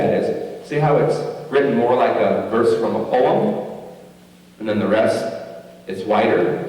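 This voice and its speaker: A man's voice: mid-range voice, mellow. Male pastor preaching, chatty and jokey, big roomy church reverb, sounds far from the mic. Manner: conversational and joking, often asks "right?". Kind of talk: sermon. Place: large church sanctuary. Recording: echoey church hall, distant mic.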